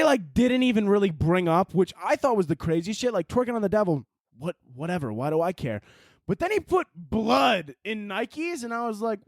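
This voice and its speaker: A man's voice: high-pitched, no echo, studio quality. A young man in his twenties hosting a comedy podcast, rambling and profane in a casual rant. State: tired from little sleep.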